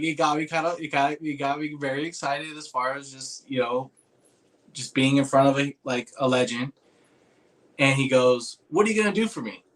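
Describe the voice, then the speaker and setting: A young man in casual chat, telling a long story, acting out the other people's lines with lots of restarts. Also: lowish voice. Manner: animated, acts out quoted voices, rambling with restarts. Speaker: podcast host telling a story.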